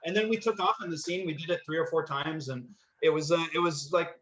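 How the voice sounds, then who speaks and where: A man's voice: fairly high pitch, quick pace, fairly bright tone, a little hiss or hum. A man, an actor, casually telling a story in a rambling way, with many fillers and restarts. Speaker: actor, podcast guest. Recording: slightly dull echoey room sound.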